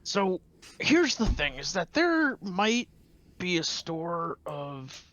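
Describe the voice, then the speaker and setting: A man's voice: high voice, very animated, takes it slowly, fairly bright tone, dry recording. A man player in a tabletop game, explaining his plans animatedly. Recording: dull, lo-fi dry mic.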